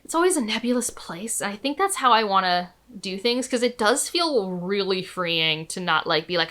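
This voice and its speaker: A woman's voice: mid-range voice, animated, moderate pace, fairly bright tone. A woman chatting casually about books, gushing with enthusiasm and peppering her talk with "like" and "um". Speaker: book vlogger. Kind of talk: casual chat.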